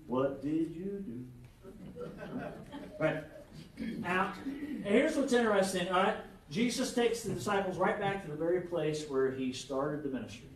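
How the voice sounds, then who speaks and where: A pastor preaching a conversational sermon, animated and joking, checking in with the congregation with frequent "right?". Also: male voice, on the high side, slight background noise. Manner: animated, jokes and acted-out quotes. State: jet lagged. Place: church hall with congregation. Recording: echoey hall, mic at a distance.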